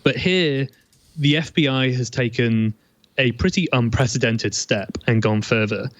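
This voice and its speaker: Man, journalist guest, fluent explanations, medium pitch, dry, slightly dull remote audio. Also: unhurried, no echo. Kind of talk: remote interview.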